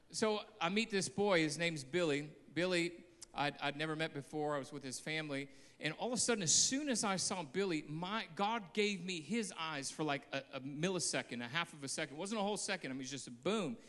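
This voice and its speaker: Male guest preacher, high and bright, storytelling sermon with sudden loud bursts, long hall reverb. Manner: storytelling, swinging from quiet asides to loud outbursts. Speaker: guest pastor. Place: church hall.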